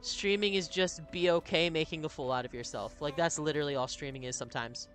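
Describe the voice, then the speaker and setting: A man's voice: on the high side, quick pace, a bit bright, soft background music. A man streaming a video game, chatting casually, laughing often and reading viewer messages aloud. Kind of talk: casual live-stream chat over gameplay.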